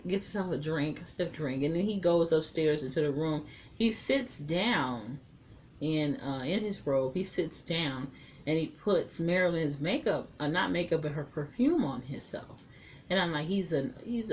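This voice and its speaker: A woman's voice: low-pitched, animated, unhurried, a little mellow, slight background noise. A woman casually recapping and reviewing a TV episode, chatty and frank, swearing freely.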